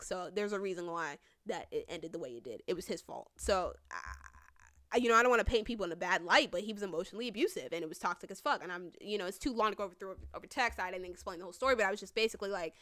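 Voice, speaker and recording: A woman's voice: medium pitch, very fast, a bit bright. A young woman in her twenties hosting a storytime podcast, telling her story bluntly, profanely and with lots of animation. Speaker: podcast host.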